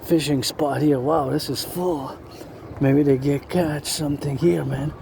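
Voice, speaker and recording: A man's voice: fairly high pitch, fairly even intonation, measured pace, vocal fry, background noise. A man who chants sing-song marching cadences outdoors by a river and then rambles loosely between chants. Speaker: vlogger.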